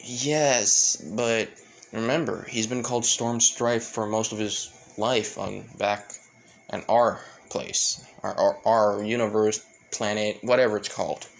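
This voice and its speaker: A man's voice: on the low side, fairly even intonation, a little slow, creaky. A man voicing a comedic young male fighter who acts like a proud, tearful big brother, dramatic and over the top. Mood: explaining.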